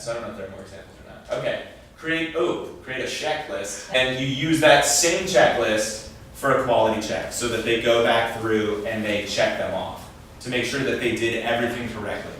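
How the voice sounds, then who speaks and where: A man's voice: mid-range voice, moderate pace, fairly bright tone. A man giving an informal talk to parents at a training session, conversational and often acting out quoted dialogue. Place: meeting room. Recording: echoey room, speaker far from mic, faint noise.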